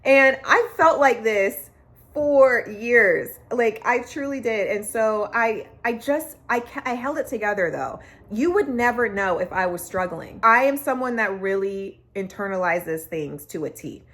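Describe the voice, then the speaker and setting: A woman's voice: medium pitch, a bit bright. A young woman vlogger telling a personal story, candid and emotional, with many "like" fillers.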